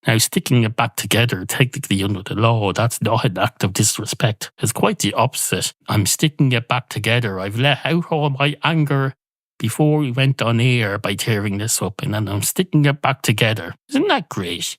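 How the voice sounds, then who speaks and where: A man hosting a podcast, spinning a rambling, sweary comic monologue and switching into quick voices for the characters. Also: mid-range voice, lively intonation, a bit bright, no room sound. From Ireland. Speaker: podcast host.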